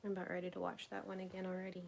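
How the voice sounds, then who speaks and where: Chatty woman with a gravelly voice. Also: fairly low pitch, monotone, racing, darkish tone, slight background noise. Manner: chatty and rambling, often drops to a whisper. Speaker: crafting vlogger. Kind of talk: casual live-stream chat while crafting.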